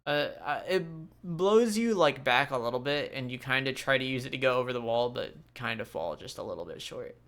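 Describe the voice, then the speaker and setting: A man's voice: mid-range voice, lively intonation, brisk, hardly any pauses, a bit bright. A man running a tabletop game as game master, laid-back and chuckling often.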